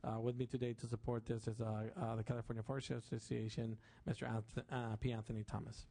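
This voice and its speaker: A man formally presents a bill to a committee, reading from prepared remarks. His delivery is flat and his tone is dark and mellow. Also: medium pitch, fast talker, vocal fry.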